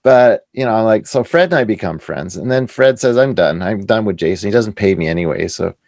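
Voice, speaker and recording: A middle-aged man from Canada with a very low, gravelly voice, recorded close and dry. He tells his stories with animation, slipping into the voices of the people he quotes as an interview guest. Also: lively intonation, brisk, darkish tone, dry recording. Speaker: author and guest. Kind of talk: casual storytelling interview.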